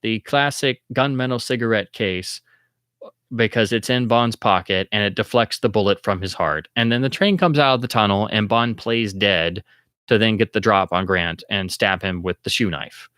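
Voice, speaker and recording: A livestream host with a low, clear, resonant voice at normal speed talks casually and excitably about film history. He jumps up high in pitch when acting out an audience's alarm. The sound is dry and close, with no echo.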